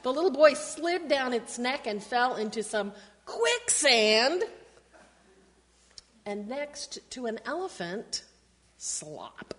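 Teacher, woman: animated storyteller, acts out sound effects, expressive and unhurried, echoey room. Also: high voice. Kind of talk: reading a picture book aloud to children.

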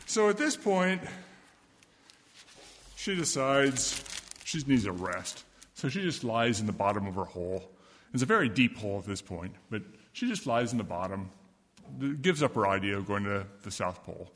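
A man telling a story to children in a service, lively and asking them questions. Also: lowish voice, moderate pace, a little hiss or hum. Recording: echoey hall with long reverb.

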